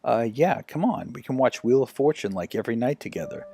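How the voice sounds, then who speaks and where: A man voicing an affectionate, joking husband in an audiobook, speaking in a lively, slightly raised voice. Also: lowish voice, moderate pace. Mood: playful. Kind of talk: audiobook character reading.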